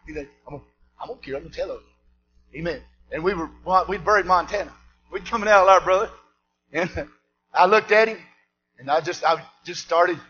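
A man preaching a sermon, swinging between shouted preaching and low asides. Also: lo-fi sound, slight background noise.

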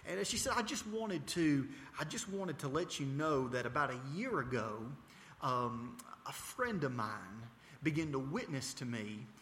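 Fervent, bright-voiced preacher man. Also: medium pitch, expressive, measured pace, big-room sound, slight background noise. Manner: storytelling, repeating "she said" and building to fervent intensity; frequent hesitations and restarts. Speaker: mission preacher. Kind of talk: testimony sermon.

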